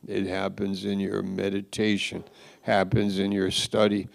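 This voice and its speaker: Slow, gravelly-voiced man preaching. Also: sits low, monotone. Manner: dramatic, shifts from loud exclaims to quiet asides. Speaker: pastor. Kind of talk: sermon. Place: church.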